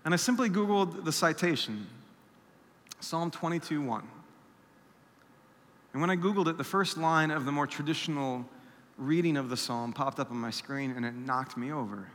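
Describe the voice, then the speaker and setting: A man's voice: a little high, moderate pace, pauses often, fairly bright tone. A man preaching a sermon, telling a personal story and acting out the voices of people he quotes. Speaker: pastor. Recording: long hall reverb.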